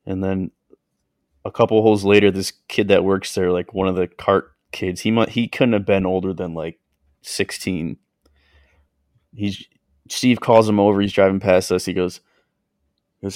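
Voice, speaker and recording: Deep-voiced young guy rambling thru a golf story on a podcast, dry close sound. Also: little pitch movement, moderate pace, no echo. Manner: rambling, lots of "like" fillers, acts out quotes. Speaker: podcast co-host. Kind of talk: casual storytelling chat.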